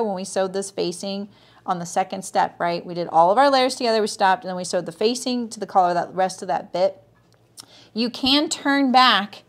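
A woman hosting a live sewing tutorial, talking viewers through each step in a chatty way, greeting them by name and checking in with "right?". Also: medium pitch. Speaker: sewing teacher and livestream host.

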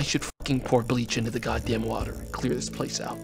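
A man streaming a fishing game, chatting to his viewers, swearing and shouting in frustration and excitement. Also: medium pitch, a little fast, vocal fry, few pauses. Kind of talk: gaming livestream commentary.

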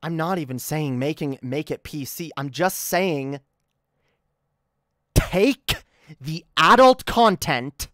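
A woman's voice: on the low side, dry recording, studio quality. A woman livestreaming an angry rant, annoyed and swearing a lot, often stammering and restarting her sentences. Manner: profane, heated, stammering restarts.

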